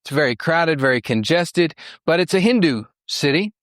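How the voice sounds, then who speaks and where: A man's voice: on the high side, animated, moderate pace, a bit bright, no room sound, studio quality. A middle-aged man from Western Oklahoma giving a church mission talk, telling his story in a folksy, earnest way with fillers and restarts. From Western Oklahoma, USA. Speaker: missionary speaker.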